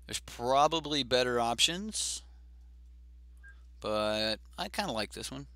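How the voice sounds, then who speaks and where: A man's voice: medium pitch, expressive, takes it slowly, sharp tone, no room sound. A man hosting a card game stream, chatting casually and thinking aloud with fillers as he plays. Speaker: host.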